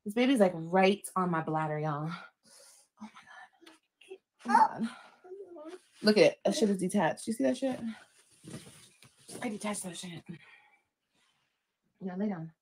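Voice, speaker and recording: A woman's voice: mid-range voice, moderate pace, long pauses, darkish tone, roomy sound, a little hiss or hum, rough recording. A woman from Los Angeles vlogging, talking candidly and rambling straight to her viewers. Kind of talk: chatty vlog talking to viewers.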